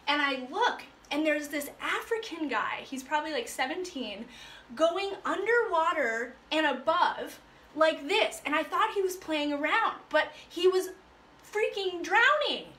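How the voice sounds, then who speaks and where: A woman life coach telling a personal story to her viewers in a chatty, animated way, full of fillers. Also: sits high, a little slow, reverberant, slight background noise. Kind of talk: casual storytelling to live viewers.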